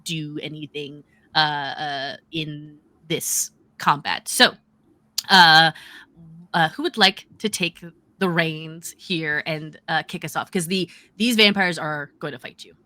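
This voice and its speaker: A woman's voice: low voice, slow, bright, forceful tone, no echo. A woman narrating and explaining rules as game master, casual and chatty with many fillers.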